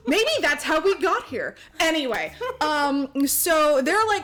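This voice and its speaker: A woman's voice: high voice, very animated, slow pace, a bit bright. A young woman on a podcast, casually and profanely recapping a movie, laughing often and acting out the characters' lines. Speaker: podcast co-host.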